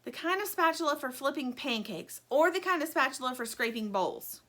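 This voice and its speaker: A woman's voice: high-pitched, lively intonation, moderate pace, sharp tone, voice pushed up. A woman voicing a timid, fussy female plush stingray, prim and complaining.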